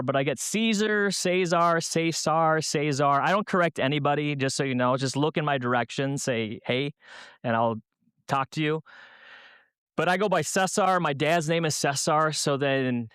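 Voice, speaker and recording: A man's voice: on the high side, a bit bright, clean tone, no room sound, studio quality. A man from Minnesota speaking as a guest at a church youth night, telling funny stories and asking the room rhetorical questions. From Minnesota, USA. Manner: humorous storyteller with rhetorical questions. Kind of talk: youth talk at a church event.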